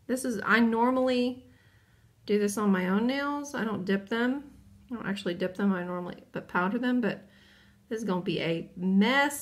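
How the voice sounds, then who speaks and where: A woman chatting casually and excitedly while unboxing and swatching nail powders. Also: medium pitch, normal speed. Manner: bubbly, chatty, exclaims over colors. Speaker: nail hobbyist vlogger.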